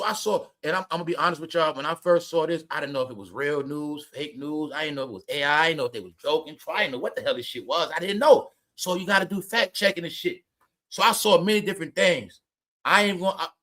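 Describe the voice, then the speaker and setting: Man, high voice, celebrity gossip commentary, loud, laughing, swearing. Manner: loud and animated, laughing, repeats names, swears. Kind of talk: casual comedic commentary.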